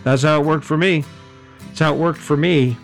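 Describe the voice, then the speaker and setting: A middle-aged man giving a high-energy, conversational motivational talk, often correcting himself mid-sentence. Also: fairly even intonation, moderate pace, creaky, soft background music. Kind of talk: motivational monologue.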